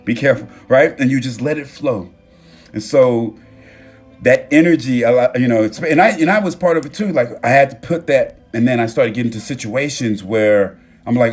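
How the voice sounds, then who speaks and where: A young man hosting a casual motivational livestream, animated and freely swearing as he talks straight to his viewers on a phone mic. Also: medium pitch, normal speed, slightly rough, faint music behind. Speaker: livestream host.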